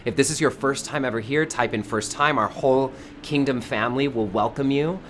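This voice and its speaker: A man from California's Bay Area hosts a live online spiritual session outdoors in front of a high-up window, effusively greeting viewers by name before teaching. His medium-pitched voice is fairly quick and a bit bright, with faint outdoor noise behind him.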